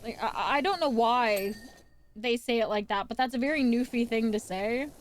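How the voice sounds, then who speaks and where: A woman from Newfoundland chats loosely on a live stream, restarting her sentences and swearing offhandedly. Her voice sits a little high for a woman, with a faint background hum under it. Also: normal speed. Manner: rambling, swears casually, frequent restarts. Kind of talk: casual live-stream chat.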